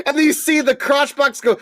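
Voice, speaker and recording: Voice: high voice, pushed and bright, no echo, clean studio sound. A game master narrating a tabletop game, laughing often and telling it with crude, playful humor.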